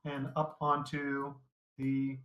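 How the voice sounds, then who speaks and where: A man's voice: medium pitch, completely flat delivery, slow pace, fairly bright tone, reverberant. A man narrating a tabletop game as game master, casual and loose, with lots of fillers.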